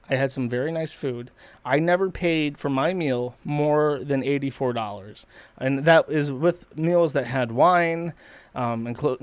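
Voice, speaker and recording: A man's voice: a little high, no echo. A man hosting a livestream, ranting in a profane, mocking, rambling way. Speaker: streamer host. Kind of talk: livestream commentary rant.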